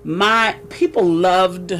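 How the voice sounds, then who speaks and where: A woman's voice: lowish voice, very slow, a little hiss or hum. A woman guest author in a casual talk show interview, telling stories about her parents and quoting her father's sayings. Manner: warm storytelling, quotes her father's sayings.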